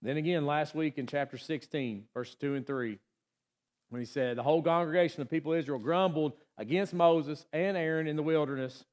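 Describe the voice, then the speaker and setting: Chatty pastor teaching Bible study. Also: male voice, on the high side, fairly quick, a little mellow. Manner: chatty, asks the congregation questions, many fillers. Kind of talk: casual conversational sermon. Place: church sanctuary.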